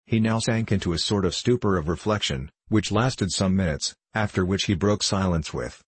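A man reads a classic story aloud in a measured, wry manner, his voice low and husky. The recording is dry and close, with no room sound. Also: no echo. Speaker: narrator. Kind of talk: audiobook reading of a classic story.

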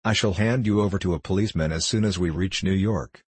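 A man voicing a rough, rude train conductor who snaps and sneers, in a storybook reading. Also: low voice, quick pace, dry recording. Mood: gruff. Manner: sneering, snappish.

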